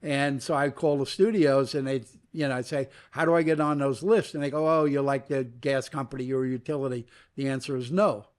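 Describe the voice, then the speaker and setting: This older New Yorker, a media entrepreneur guesting on an interview, talks briskly in a mid-range voice with hardly any pauses. He tells long stories with animation, playing out every quoted exchange.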